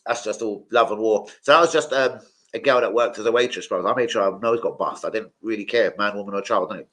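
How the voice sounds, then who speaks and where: A man's voice: lowish voice, fast, poor audio. A young man, telling crude, swear-filled stories on a live stream. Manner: crude, swearing, animated storytelling. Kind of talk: casual live stream chat.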